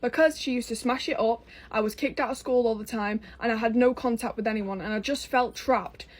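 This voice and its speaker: Young english woman, kinda high voice, blunt and sweary storytime chat. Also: fairly quick. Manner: blunt, swears freely, exasperated and amused. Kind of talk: casual storytime monologue.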